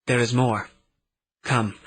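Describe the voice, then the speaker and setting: A man reading an audiobook, voicing a grizzled old man who speaks quietly, gently but firmly. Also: mid-range voice, steady tone, slow, husky, poor audio. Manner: quiet, gentle yet commanding.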